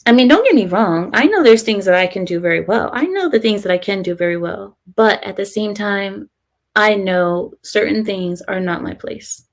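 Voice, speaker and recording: A woman's voice: medium pitch, expressive, normal speed. A young woman hosting a casual live stream, giving her opinions and reading viewer comments aloud, often breaking into laughter.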